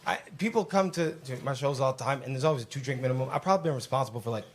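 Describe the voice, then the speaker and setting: A man's voice: mid-range voice, racing, heavy background noise. A man doing a stand-up comedy set, telling crude stories brashly and putting on voices for the people in them. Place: comedy club stage with live audience.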